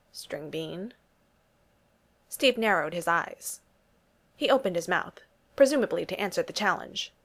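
Woman reading a story out loud, steady, lowish voice. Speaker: narrator.

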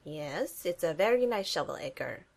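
A woman's voice: sits low, expressive, normal speed, vocal fry, a little mellow, full character voice. A woman voicing a pompous, dryly menacing male supervillain in a fan fiction reading. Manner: dry, theatrically threatening.

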